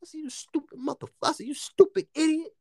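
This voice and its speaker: A man telling a story in casual chat, animated and profane, laughing often and acting out what people said. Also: very high-pitched, quick pace, no room sound, clean studio sound.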